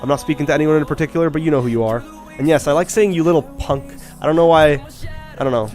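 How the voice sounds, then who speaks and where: A man chatting quickly and casually on a live stream, joking about himself while greeting viewers. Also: on the high side, darkish tone, soft background music. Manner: fast-talking, chatty, self-deprecating. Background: faint background beats.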